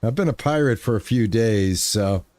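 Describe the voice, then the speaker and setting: A man's voice: on the low side, animated, moderate pace, a little mellow, dry recording. A man chatting casually to his live chat while playing a farming game, rambling and easygoing. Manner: laid-back, rambling, talks to chat. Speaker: streamer.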